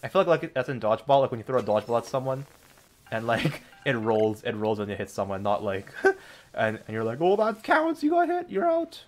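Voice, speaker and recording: A young man giving excitable let's-play commentary, laughing often and breaking into loud outbursts as he plays. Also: lowish voice, fairly quick, slight background noise. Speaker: gaming video creator.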